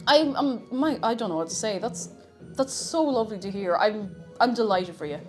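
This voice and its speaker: Baking in her home kitchen, a woman streamer chats with her viewers in a relaxed, self-mocking way. Her voice is medium-pitched and expressive at a moderate pace, with soft music in the background.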